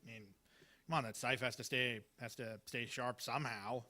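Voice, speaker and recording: A man's voice: medium pitch, fairly even intonation, moderate pace, bright, forceful tone. A man performing at an open mic, reading Halloween one-liners in a hesitant, rambling way full of fillers and restarts. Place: small live venue.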